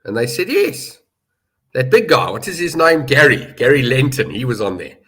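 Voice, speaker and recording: A man's voice: medium pitch, sing-song, a little fast, pushed and bright, slightly rough. Emphatic male rugby betting pundit. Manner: emphatic, storytelling, repeats for stress. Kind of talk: casual studio discussion.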